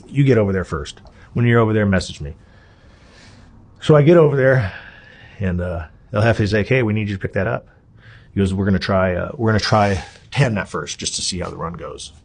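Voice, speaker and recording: Husky man telling a wild story. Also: fairly low pitch. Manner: animated, profane storytelling, voices others in quotes. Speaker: interview guest. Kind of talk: storytelling in a casual interview.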